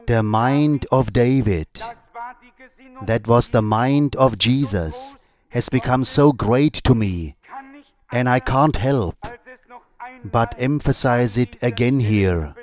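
A man preaches a sermon in a church, speaking in an unhurried, measured way. His pace is extremely slow, with each short phrase set apart by a pause. His voice sits at an ordinary middle pitch for a man.

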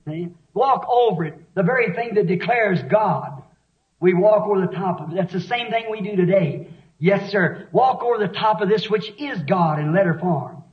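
A man preaching a sermon with fervent, rapid delivery that rises into shouts. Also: high voice. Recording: echoey dull lo-fi sermon recording.

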